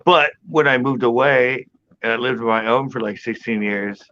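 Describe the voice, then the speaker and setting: A man's voice: mid-range voice, normal speed, pushed and bright. Man hosting a live panel stream. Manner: rambling, talks through his thoughts, chuckles often. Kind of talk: casual chat. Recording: muffled audio with faint background noise.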